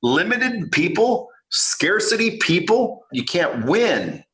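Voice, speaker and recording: A fairly high-voiced man with a bright, forceful tone speaks bluntly and swears freely. He tells lively stories in a casual podcast chat. His voice carries a noticeable room echo. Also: takes it slowly. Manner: blunt, profane, animated storytelling. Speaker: podcast guest, entrepreneur.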